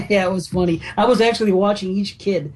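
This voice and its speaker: A man from western New York, guest on a casual film podcast, easygoing and quick to chuckle. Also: high voice, a little mellow, slight background noise. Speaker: guest co-host. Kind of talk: casual film review chat.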